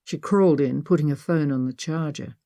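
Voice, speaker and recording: A woman narrating an adventure audiobook in a measured storytelling manner. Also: low-pitched, dark tone, no room sound. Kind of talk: scripted narration.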